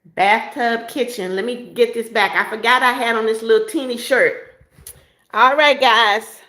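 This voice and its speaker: A chatty woman with a slightly high voice talks casually into her phone on a livestream. She reads out viewer comments and answers them, walking through her apartment and pointing things out. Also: steady tone, a little slow, bright, forceful tone. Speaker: livestream host. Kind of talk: casual livestream chat, reading comments aloud.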